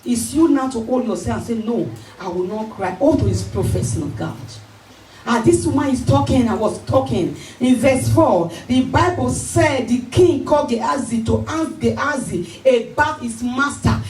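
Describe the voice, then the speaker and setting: A woman pastor preaching a sermon, rising to shouted exhortations and calls for hallelujah. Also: a little high, lively intonation, measured pace, faint music behind. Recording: echoey church hall, mic from far off, faint hiss.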